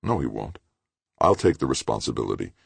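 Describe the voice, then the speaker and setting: A man's voice: sing-song, brisk, creaky, breathy edge, no echo, full character voice. A man voicing a stubborn, protective man in an audiobook, firm and insistent. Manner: firm, insistent, low and final. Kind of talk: audiobook character voice.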